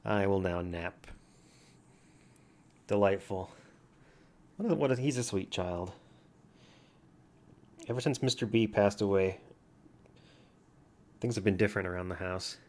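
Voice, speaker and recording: A man's voice: fairly low pitch, unhurried, pauses often, darkish tone. A man vlogging casually at home with a soothing, easygoing voice, chatting while playing a word game and talking to his cat. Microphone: computer mic from farther back than usual.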